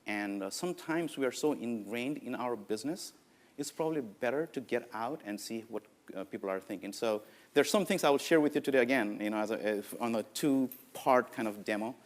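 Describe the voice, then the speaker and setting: A man's voice: mid-range voice, fairly quick. Nepali-accented man giving a keynote. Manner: anecdotal, lively, many "uh, you know" fillers. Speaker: conference speaker. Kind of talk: conference keynote talk.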